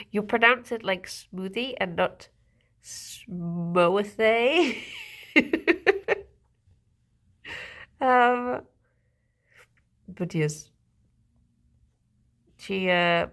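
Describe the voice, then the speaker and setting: A young woman chats unhurriedly to her stream, her voice slipping into a gravelly fry at the ends of phrases. Her pitch rises and falls a good deal as she giggles and coos at her rabbits between thoughts. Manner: chatty and giggly, talking to her pet rabbits. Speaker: livestreamer. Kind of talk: casual chat to a live audience. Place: home, with pet rabbits.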